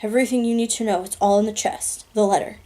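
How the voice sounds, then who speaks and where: A woman reads a dying older man, a gentle mentor who can only whisper weakly. His voice is mellow and dark and moves very little in pitch. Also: steady tone, fast, close to an everyday voice. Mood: faint, tender. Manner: weak, whispering.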